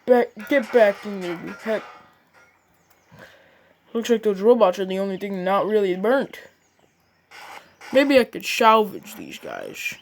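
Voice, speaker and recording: A woman voicing a gruff male pizzeria boss who grumbles with hesitant sounds. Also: mid-range voice, sing-song, a little slow, long pauses. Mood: grumbling.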